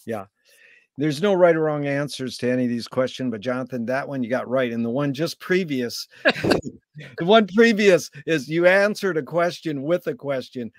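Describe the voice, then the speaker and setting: A man hosting a casual interview, enthusiastic and affirming, quick to praise answers and drop casual slang. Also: mid-range voice, lively intonation, no room sound, studio quality. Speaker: interview host. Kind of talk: casual conversation.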